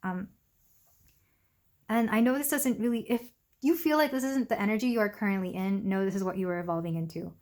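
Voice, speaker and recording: Young woman, tarot reader, gentle chatty delivery full of ums and asides. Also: mid-range voice, a little fast. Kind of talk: casual pick-a-card tarot reading.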